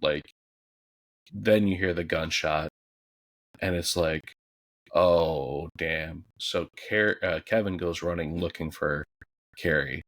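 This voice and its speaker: A man co-hosting a laid-back movie review podcast, telling the story of a film in loose, everyday speech. His voice is very low and he drops in the odd curse word while acting out what characters said. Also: measured pace, pauses often, no echo. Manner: casual, swears, acts out characters' shouts. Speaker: podcast co-host. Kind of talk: casual movie review chat.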